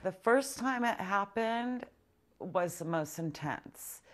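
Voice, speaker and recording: A middle-aged woman interviewed in a news report, recounting her experiences slowly and with intensity. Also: mid-range voice, lively intonation. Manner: slow, intense, emphatic recounting. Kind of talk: interview testimony.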